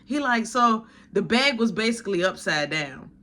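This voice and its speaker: A young man telling a story in casual slang, animated as he acts out what people said to him. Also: high voice, moderate pace. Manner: animated retelling, acting out others' quotes in slang.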